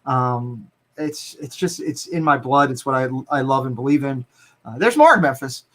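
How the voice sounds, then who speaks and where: A middle-aged man with a Baltimore accent, a guest speaking earnestly and warmly in casual live-stream chat, often repeating words as he goes. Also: medium pitch, lively intonation, normal speed.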